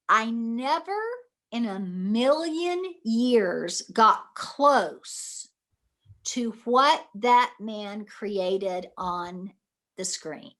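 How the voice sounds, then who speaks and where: A woman actress from Mississippi, telling animated stories in a casual interview and laughing often. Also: a little high. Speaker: guest actress.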